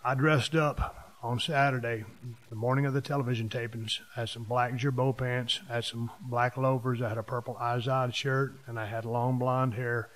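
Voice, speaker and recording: A man, hosting a podcast and telling stories from his past in a casual monologue, hitting key words with sudden louder bursts. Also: medium pitch, flat delivery, moderate pace. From Texas. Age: 50s. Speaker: podcast host.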